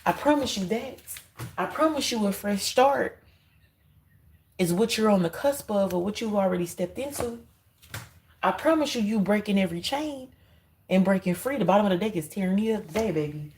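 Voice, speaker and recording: A woman's voice: mid-range voice, lively intonation, fairly quick, darkish tone, slight background noise, poor audio. A woman giving an intuitive card reading, speaking emphatically and straight to her viewers, often repeating herself. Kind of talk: spiritual card reading monologue.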